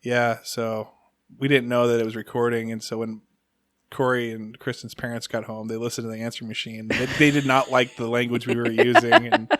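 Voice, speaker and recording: A man's voice: medium pitch, little pitch movement, brisk, fairly bright tone, no echo, studio quality. A man hosting a podcast, telling stories in casual chat and acting out the voices of people in them. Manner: storytelling, acts out voices from his stories. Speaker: podcast host.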